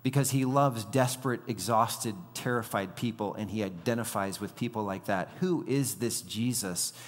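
A man's voice: fairly low pitch, normal speed. A man preaching a sermon, telling Bible stories animatedly and acting out the quoted lines. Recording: reverberant hall.

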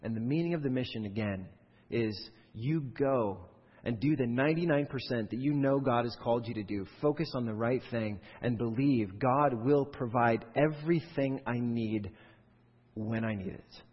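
A pastor preaching a sermon, animated, acting out quoted voices and rising sharply in pitch and volume at his high points. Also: normal speed, breathy edge. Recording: dull lo-fi recording with long hall reverb.

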